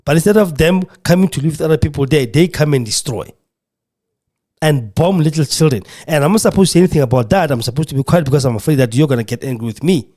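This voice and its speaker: A man's voice: a little high, fast talker, a little mellow. A man hosting a podcast, speaking in an impassioned, emotional monologue with a preacher's fervor. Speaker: podcast host. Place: radio studio.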